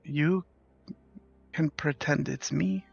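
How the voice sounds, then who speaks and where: A man voicing a small gentle young girl who softly and hesitantly comforts a friend. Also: fairly high pitch, steady tone, slow, creaky, husky, pitched above the performer's own voice, full character voice. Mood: tender. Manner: soft, hesitant and tender. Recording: slightly dull, lo-fi with faint music.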